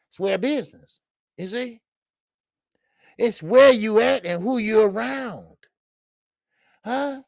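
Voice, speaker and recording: A man hosting a casual boxing talk stream, animated and profane, rambling through stories, laughing and answering the chat. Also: very high-pitched, measured pace, creaky, pauses often, no echo, clean studio sound. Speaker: boxing talk show host. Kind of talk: casual live-stream commentary.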